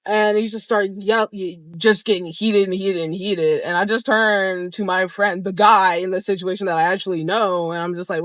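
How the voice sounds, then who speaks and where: Young adult vlogger, casual storytelling to camera, animated, frequent swearing, mid pitch, dry close sound. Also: normal speed, no room sound. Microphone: camera framed close to the speaker.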